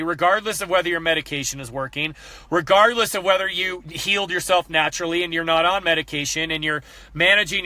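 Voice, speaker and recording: A man in his thirties giving a candid motivational talk as a fitness coach, earnest and animated, repeating himself when he gets fired up. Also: fairly high pitch, no echo.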